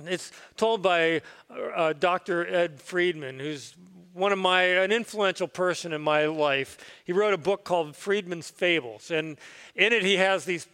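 A man's voice: high-pitched, a little slow, pushed and bright, smooth, long reverb tail. A man, a pastor, telling a parable in a conversational, reflective sermon in church. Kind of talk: sermon storytelling.

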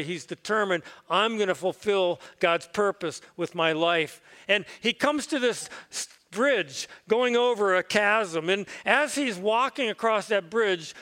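High-voiced pastor telling a story. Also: male voice, pushed and bright, big-room sound. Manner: conversational, reflective. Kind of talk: sermon storytelling. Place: church.

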